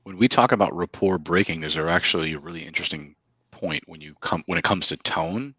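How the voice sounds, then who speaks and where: A man's voice: low voice, fairly quick, pushed and bright, breathy edge, dry recording. A man co-hosting a casual podcast discussion, talking in an emphatic coaching way with frequent asides. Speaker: co-host.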